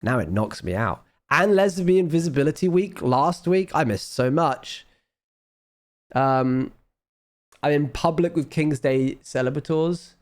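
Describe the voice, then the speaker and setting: A man chatting casually on a live stream. He is ill and low on energy, and he rambles, trails off and mocks himself. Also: lively intonation, unhurried. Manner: rambling, self-mocking, trailing off. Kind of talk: casual chat.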